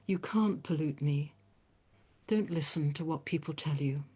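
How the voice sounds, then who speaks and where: A woman voicing a kind, gentle man, a forest hermit who speaks quietly and reassuringly. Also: deep voice, measured pace, husky.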